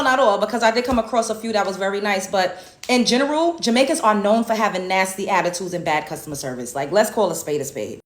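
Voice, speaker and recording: A woman's voice: medium pitch, fast talker, echoey room. A woman from the United States hosting a reaction video, ranting in a blunt, indignant, profane way. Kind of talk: reaction commentary rant.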